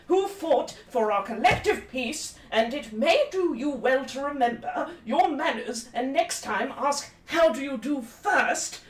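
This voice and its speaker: Stiff, proud robot soldier, very proper, high and animated, a woman acting him out. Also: echoey room, far from the mic. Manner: prim, precise, lecturing. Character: stiff formal male warforged soldier, proud.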